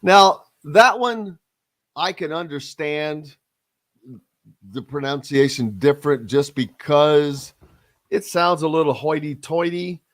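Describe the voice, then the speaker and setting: A man, hosting a casual sports radio talk show with drawn-out, emphatic, opinionated delivery. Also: on the high side, no echo. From Southern Indiana.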